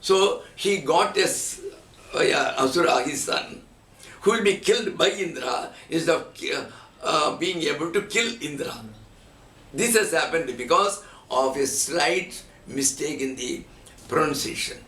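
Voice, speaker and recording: A man's voice: fairly high pitch, animated, a little slow, fairly bright tone. A man giving a spiritual teaching talk as a swami, telling stories and chanting Sanskrit verses as examples. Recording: echoey room from far off, faint noise.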